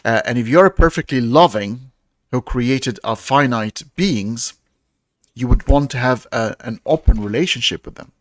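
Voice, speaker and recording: A man in a casual podcast discussion, explaining an argument in a halting way with many fillers and restarts. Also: medium pitch, no room sound, clean studio sound.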